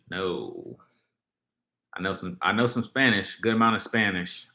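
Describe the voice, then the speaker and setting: A man's voice: low voice, big pitch swings, measured pace, bright, forceful tone, echoey room. A man hosting a casual livestream, rambling and reading viewers' comments aloud as he talks. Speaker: livestream host.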